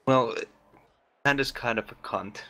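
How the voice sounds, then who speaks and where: A man's voice: mid-range voice, unhurried, pushed and bright. A man joking crudely with friends on a game stream. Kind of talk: casual chat with friends.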